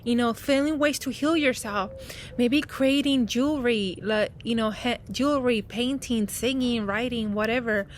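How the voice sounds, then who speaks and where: A woman's voice: fairly high pitch, normal speed, a little hiss or hum. A woman talking outdoors as a spiritual coach in a casual, heartfelt vlog, rambling and comforting with many fillers.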